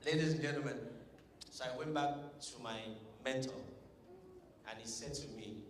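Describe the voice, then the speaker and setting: A man's voice: mid-range voice, moderate pace, a little hiss or hum. A man from Nigeria with a Nigerian accent, telling a stand-up comedy story with pidgin asides and acted quotes. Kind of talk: stand-up comedy set at a tech summit. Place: large conference hall. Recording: echoey hall, distant mic.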